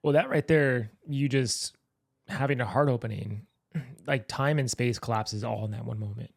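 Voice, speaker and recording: A male podcast host with a gravelly, mid-pitched voice muses thoughtfully on big questions. The sound is dry and close. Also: normal speed, dry recording. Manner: reflective, philosophical. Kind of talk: reflective interview talk.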